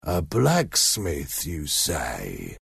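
A man voicing an aggressive, hungry escaped convict who threatens a child in a slow, husky voice. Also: rumbling low, wildly swooping pitch, fairly bright tone, no echo, clean studio sound, voice pushed down, full character voice. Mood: menacing.

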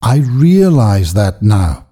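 A man voicing a wealthy gentleman in a storybook reading, speaking in a persuasive, earnest way. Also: fairly low pitch, big pitch swings, takes it slowly, breathy edge, heavily acted. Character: wealthy gentleman, pleading then agitated.

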